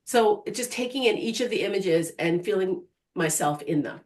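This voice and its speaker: Middle-aged female coach, mid-range pitch, lively storyteller in an interview. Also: moderate pace. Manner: animated, storytelling, frequent restarts. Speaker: guest, vision board coach. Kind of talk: conversational interview.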